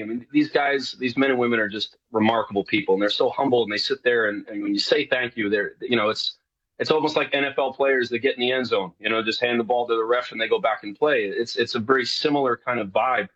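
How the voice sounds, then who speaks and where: A man's voice: mid-range voice, quick pace, a bit bright, slightly rough, no echo, dull audio. A man from New York talking casually as a guest on a radio show, rambling with lots of fillers and restarts.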